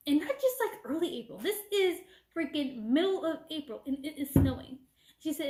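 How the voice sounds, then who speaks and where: A young woman rants through a casual storytime, replaying a conversation line by line. Her voice sits high and bright in pitch, and the room rings around her with a noticeable echo. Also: moderate pace. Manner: animated retelling with quoted back-and-forth. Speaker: vlogger. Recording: echoey room.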